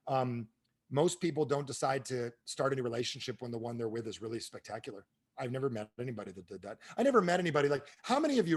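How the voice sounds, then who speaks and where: A man giving a motivational business talk on a training call, asking the audience questions and swinging between booming and hushed delivery. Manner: animated, asks the audience questions. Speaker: speaker at an online training call.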